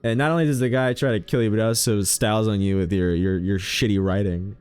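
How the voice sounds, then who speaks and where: A man's voice: lowish voice, steady tone, fast, darkish tone, smooth, faint music behind. A man streaming a horror game with casual, sarcastic commentary, joking and swearing freely.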